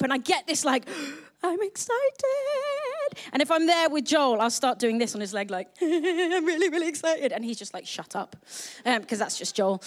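A woman's voice: high-pitched, fairly bright tone. A young woman pastor giving a live sermon in a bubbly, chatty, self-mocking way.

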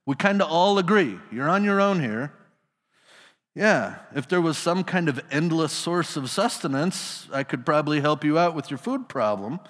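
A man's voice: fairly high pitch, lively intonation, normal speed, a bit bright, in a large hall. A male pastor preaching a sermon in a casual storytelling manner, putting his listeners into the scene.

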